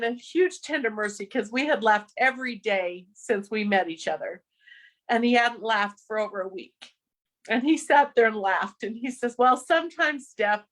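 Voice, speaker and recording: A woman's voice: a little high, a bit bright. A woman telling a personal story of loss in an earnest, emotional way, laughing now and then through her grief. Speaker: podcast guest.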